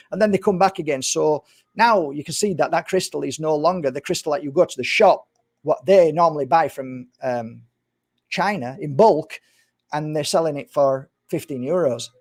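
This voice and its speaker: A man's voice: a little high, gravelly. A man talking casually to camera as a spiritual teacher, rambling and telling stories with acted-out dialogue. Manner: rambling storyteller, acts out quoted dialogue.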